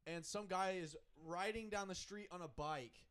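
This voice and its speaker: A man's voice: high voice, moderate pace, a bit bright. A young man on a podcast, rambling through a casual story with lots of fillers and swearing. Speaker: podcast co-host.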